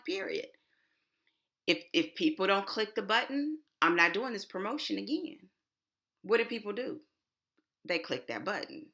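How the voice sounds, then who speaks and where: A woman's voice: mid-range voice, creaky, sharp tone. A middle-aged woman with a Texan accent from Houston, giving a chatty, emphatic conference talk as a presenter. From Houston, Texas.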